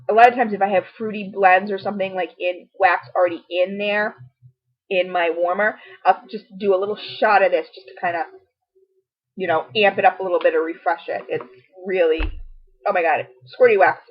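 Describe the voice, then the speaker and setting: A middle-aged woman gushes through a casual review, chatty and full of little asides. Her voice sits at an ordinary pitch for a woman. The home-video sound is dull and lo-fi. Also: a little fast. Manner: gushing and chatty, many fillers and asides. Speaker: beauty and home product vlogger. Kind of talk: casual product review to camera.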